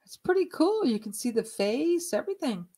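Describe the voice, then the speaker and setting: A woman vlogging about a night ghost hunt, talking casually with lots of swearing and laughter, sometimes dropping to a hushed whisper. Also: high voice, normal speed, breathy edge. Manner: profane, laughing, excitable storytelling. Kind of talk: casual vlog narration.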